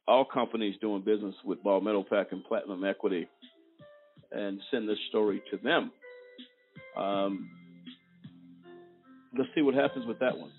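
Low-voiced man hosting over phone audio. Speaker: host. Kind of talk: talk radio hosting. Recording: phone-like audio with faint music behind.

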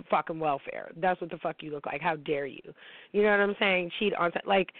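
A woman's voice: lowish voice, no room sound. A woman in her forties hosting a talk show, delivering a brash, profane, heated rant about celebrity gossip. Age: 40s. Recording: tinny phone-like line, dry.

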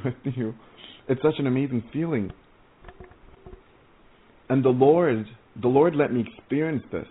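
A man giving an informal testimony sermon, earnest and excitable, rambling with many stammered restarts. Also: medium pitch. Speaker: preacher sharing visions. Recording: tinny phone-like audio.

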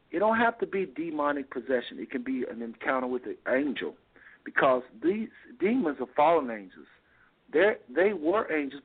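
A man hosting a call-in talk show and preaching, repeating phrases for emphasis. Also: mid-range voice. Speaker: radio show host. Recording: tinny phone-line audio.

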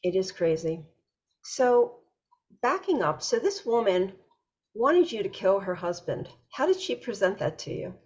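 A woman hosting an interview, asking measured, thoughtful questions. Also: mid-range voice, very animated, a little mellow, breathy edge, highs cut off. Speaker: podcast host. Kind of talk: interview conversation.

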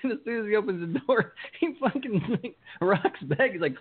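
Young male co-host, crude joking banter, a touch high-pitched, phone-quality sound. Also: expressive, a little fast, slight background noise. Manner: crude, laughing, teasing. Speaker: podcast co-host. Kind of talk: casual banter.

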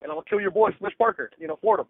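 A male sports reporter telling stories in a casual interview, animated and full of "like" and "bro", acting out quotes. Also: high-pitched, very fast, phone-quality sound. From Los Angeles. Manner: animated, acts out quotes, says "like" and "bro" often.

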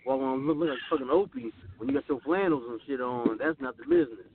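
A man co-hosting a radio show in casual comedic banter. He is a loud, crude jokester. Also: medium pitch, fast talker. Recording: lo-fi phone-like sound with faint noise.

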